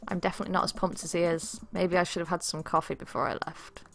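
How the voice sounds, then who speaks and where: A woman's voice: on the low side, flat delivery, fast talker, creaky, a little hiss or hum. Chatty woman streaming a dating game. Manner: chatty, laughs often, reacts aloud to choices. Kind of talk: let's play commentary with read-aloud game text.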